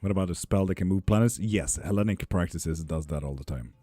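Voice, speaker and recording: A young man chatting casually on a live stream, reading viewer comments, relaxed, swearing freely and cheering people on, a little ill and foggy. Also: low-pitched, brisk, husky, no room sound, faint music behind. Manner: laid-back, swears freely, upbeat cheering. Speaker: live tarot and spell streamer.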